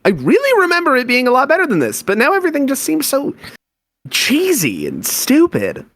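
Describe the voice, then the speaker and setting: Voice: sits high, huge pitch swings, brisk, a bit bright, dry recording, exaggerated voice. Someone voicing a sulky, disillusioned teenage boy who rants with sarcastic exasperation. His voice swings widely up and down as he complains. It is recorded dry and close, with no room sound. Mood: dejected. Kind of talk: fan voice-acted comic reading.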